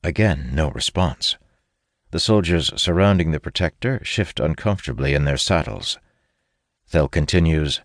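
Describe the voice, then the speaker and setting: A man giving steady, measured first-person narration of a fantasy audiobook. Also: a bass voice, no room sound, studio quality.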